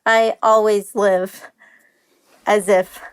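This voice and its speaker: A woman's voice: mid-range voice, little pitch movement, drawn-out words, clean tone. A woman being interviewed as a guest on a podcast, speaking candidly and emotionally, close to tears and nervous, with many "like"s and restarts. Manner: emotional and open, lots of "like" and restarts. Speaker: guest, company founder.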